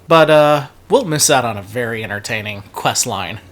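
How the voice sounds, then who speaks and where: A man's voice: medium pitch, animated, normal speed, a bit bright. A man hosting a casual, joking let's-play commentary of a video game. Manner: joking, chatty.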